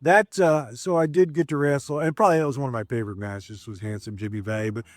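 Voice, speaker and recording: A middle-aged man spins long, rambling stories in a relaxed, chatty way, often stopping on "uh" and starting his sentences over. His voice sits in an ordinary middle pitch. The sound is close and dry, with no room echo. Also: fast talker. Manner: rambling, full of "uh" fillers and restarts. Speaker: former pro wrestler telling stories. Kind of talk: casual storytelling.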